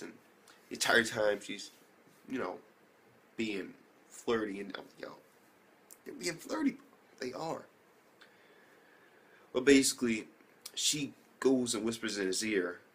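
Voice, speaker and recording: A man's voice: lowish voice, brisk, a bit bright, slightly rough. A young man casually recapping an anime episode, rambling with slang, swearing and many fillers. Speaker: anime reviewer.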